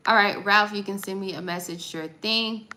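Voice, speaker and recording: A woman's voice: medium pitch, steady tone, normal speed, sharp tone, roomy sound, poor audio. A woman hosting a livestream, chatting casually with her viewers and reading text aloud. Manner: chatty, talks to chat, reads text aloud. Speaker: livestream host.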